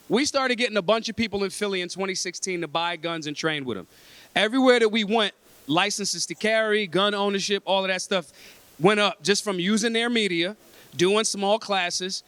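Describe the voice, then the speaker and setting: Blunt streetwise man with a high voice. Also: a bit bright, dry recording. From Philadelphia. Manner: streetwise, emphatic, swears freely. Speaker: convention speaker. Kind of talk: blunt, profane talk to a room. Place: indoor convention breakfast.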